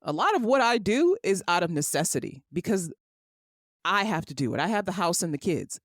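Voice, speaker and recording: A woman's voice: lowish voice, big pitch swings, brisk, no echo, clean studio sound. A middle-aged woman hosting her own podcast, ranting emphatically and with exasperation, swearing freely. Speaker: podcast host. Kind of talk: ranting solo podcast monologue.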